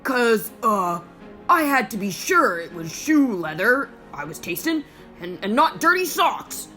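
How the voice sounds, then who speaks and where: A woman voicing a big grumpy male cartoon cat bully, gruff and sarcastic as he complains. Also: fairly high pitch, big pitch swings, a little slow, bright, forceful tone, soft background music, heavily acted. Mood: scornful.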